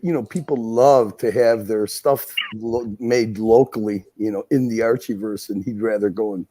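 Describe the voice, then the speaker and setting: A man with a husky voice, a guest on a livestream panel, joking and flirting in casual chat with lots of laughter. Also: on the low side, steady tone, normal speed, warm tone, slight background noise. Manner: flirty, teasing, laughs a lot.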